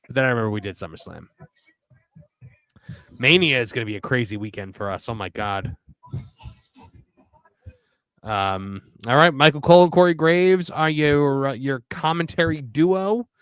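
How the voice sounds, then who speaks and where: Smooth-voiced man hosting a stream. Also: medium pitch, animated, normal speed, long pauses, fairly bright tone, no room sound. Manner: reads viewer chat messages aloud, jokey. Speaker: host of a wrestling watch-party stream. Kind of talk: casual live-stream chat.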